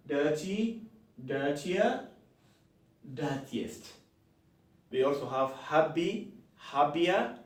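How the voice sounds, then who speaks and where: A man teaching an English grammar lesson, slowly spelling out words and repeating each form. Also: on the high side, darkish tone, distant mic. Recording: echoey room, from the mic.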